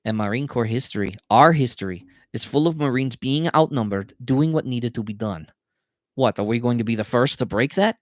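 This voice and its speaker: A man voicing a mouthy, proud young male Marine who talks loud and teasing. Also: mid-range voice, moderate pace, no room sound, clean studio sound, pitched above the performer's own voice, lightly acted.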